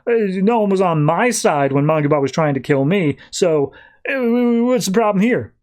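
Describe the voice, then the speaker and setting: A man's voice: high voice, expressive, moderate pace, darkish tone, pitched above the performer's own voice. A man voicing a sarcastic, bitter woman cat burglar in an offhand tone. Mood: snide.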